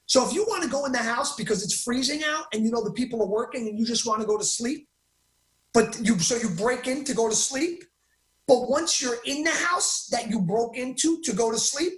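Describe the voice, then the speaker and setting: A man as an interview guest, telling his story in an excitable, emphatic way and often cutting himself off mid-sentence. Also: extremely high pitch, moderate pace, roomy sound.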